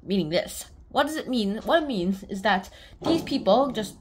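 A woman's voice: medium pitch, expressive, normal speed, noisy background. A woman casually summarizing a short story, rambling with lots of fillers. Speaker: book reviewer.

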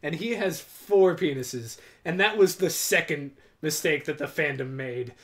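A man's voice: on the high side, a little slow, a bit bright. A man co-hosting a gaming video, making wry, teasing jokes in casual commentary.

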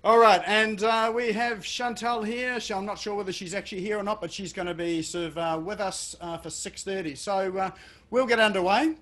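Aussie male webinar host on a video call, light high voice, rambling friendly filler-heavy chat. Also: a little fast, fairly bright tone. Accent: Australian. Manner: hesitant, many fillers.

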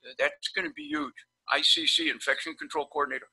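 A man with a very bright, somewhat high voice rambles through anecdotes in an animated, blunt way. He talks casually over a video call, like a dentist chatting shop with colleagues. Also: fast, gravelly, slightly rough, rough recording. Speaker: periodontist guest. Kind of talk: casual storytelling on a webinar.

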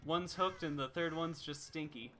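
A man's voice: on the high side, moderate pace, fairly bright tone, slight background noise. A man streaming a video game, giving playful, chatty commentary and laughing often.

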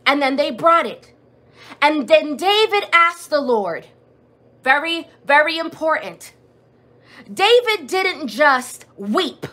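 A woman's voice: sits high, very animated, slow, sharp tone. A woman preaching a sermon and leading prayer, building her points through repetition and rhetorical questions. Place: church or streamed prayer service.

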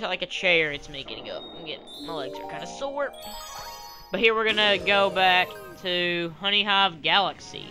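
Young male gaming commentator, rambling and punny, bright voice, headset mic. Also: high-pitched. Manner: rambling, jokey, making puns and goofy voices. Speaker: gaming channel host. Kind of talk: let's play commentary.

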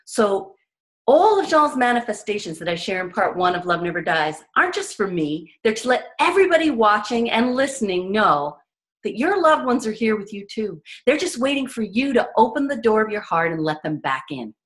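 This author, interviewed as a guest, speaks at normal speed and an ordinary middle pitch, very animated as she recounts her own stories. She's earnest and driven, stressing her points and performing the voices of the people in them.

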